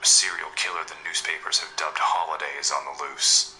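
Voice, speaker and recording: A man voicing a brooding masked vigilante who narrates in low, hushed, terse lines in an audio drama. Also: steady tone, fairly quick, faint music behind, exaggerated voice, rough recording. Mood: grim.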